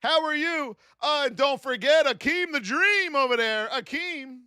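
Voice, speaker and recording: A man's voice: very high-pitched, a little slow, pushed and bright, no room sound, clean studio sound. A man hosting a live trading stream in a blunt, chatty way, telling stories, reading out price levels and calling out to viewers by name.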